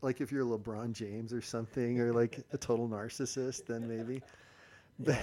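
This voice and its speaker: A man's voice: medium pitch, flat delivery, moderate pace, mellow, a little hiss or hum. A man with a mid-range voice hosts a casual podcast. He lays out ideas thoughtfully, like a coach talking through advice. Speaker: podcast host.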